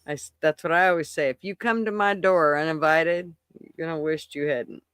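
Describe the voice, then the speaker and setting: A man's voice: fairly high pitch, fairly even intonation, fairly quick, a bit bright, clear, resonant tone. A man in a casual podcast chat, chiming in with short agreeing quips and laughs.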